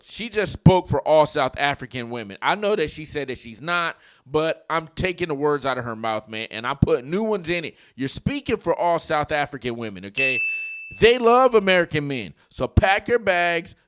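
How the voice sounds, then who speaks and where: A man's voice: on the high side, fairly bright tone, clear, resonant tone, no room sound. A man hosting a casual reaction video, joking crudely and rambling as he comments on clips.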